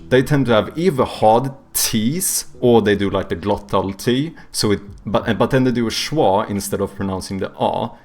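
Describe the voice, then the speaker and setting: A man commentating his games casually on a live stream, excitable and profane, and often breaking into laughter. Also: on the low side. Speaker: game streamer.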